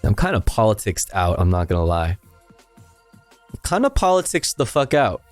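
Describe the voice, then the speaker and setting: A man's voice: on the low side, very animated, normal speed, soft background music. A man hosting a casual livestream, chatting with viewers, swearing offhandedly, trailing off and humming to himself. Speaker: livestream host. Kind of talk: casual stream chat, reading chat.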